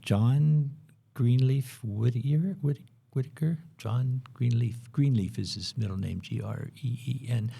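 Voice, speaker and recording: A man's voice: medium pitch, unhurried, vocal fry, warm tone, slightly rough. A man co-hosting a podcast, explaining in a rambling, hesitant way with many fillers. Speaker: podcast co-host explaining bees. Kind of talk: casual explanatory chat.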